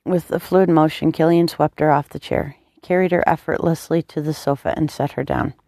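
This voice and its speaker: A woman narrates a story in a calm, measured way. Her voice is mellow and dark with a gravelly texture. The recording is dry and close, with no echo. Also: deep voice. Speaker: audiobook narrator.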